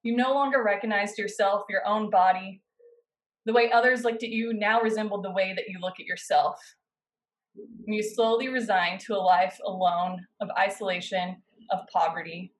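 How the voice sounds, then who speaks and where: A woman pastor preaching a sermon, guiding her listeners through a scene in the second person with slow, dramatic pauses. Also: medium pitch, fairly even intonation, rough recording. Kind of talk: sermon with guided imaginative narration.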